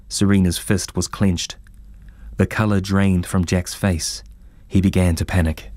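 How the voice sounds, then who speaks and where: Male audiobook narrator, very low voice, dry close sound, measured reading. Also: flat delivery, darkish tone, no room sound.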